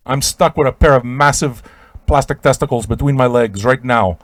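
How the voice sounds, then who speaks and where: A man hosting a radio show, telling an improvised absurd comic story in a rambling, stammering way with sudden shouted outbursts. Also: mid-range voice, normal speed, no room sound.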